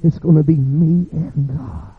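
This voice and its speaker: A man preaching a revival sermon, telling dramatic stories that build to shouting. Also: a little high, measured pace, slightly rough. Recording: tinny phone-like sound.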